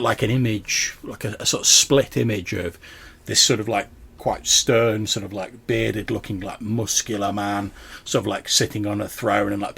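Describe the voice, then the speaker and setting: A man's voice: fairly low pitch, vocal fry, fairly bright tone, slightly rough. A man narrating as game master of a tabletop game, rambling with lots of fillers. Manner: rambling, full of "like" and "sort of".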